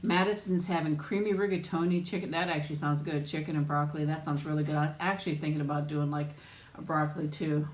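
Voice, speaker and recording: In an echoey room, a woman with a low, steady voice talks fast while hosting a casual mukbang live chat. She greets viewers warmly by name, chatting away with lots of ums and little laughs.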